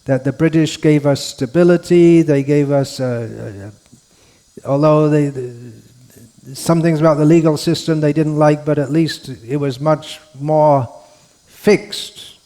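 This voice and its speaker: A man giving a scriptural lecture in an unhurried, rambling way, with frequent restarts and fillers. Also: on the high side, steady tone, dark tone. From India. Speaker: monk lecturer.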